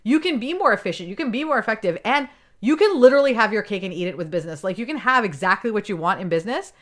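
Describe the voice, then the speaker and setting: A woman's voice: medium pitch, animated, rapid-fire. Enthusiastic woman guest in casual interview. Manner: enthusiastic, talks in vivid metaphors. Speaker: podcast guest, business coach.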